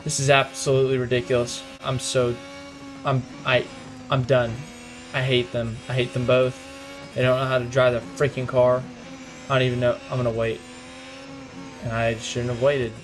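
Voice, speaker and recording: Young man, gaming commentary, frustrated rants, mid pitch, game music underneath. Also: level tone. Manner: frustrated, ranting, quick outbursts. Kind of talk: live gameplay commentary.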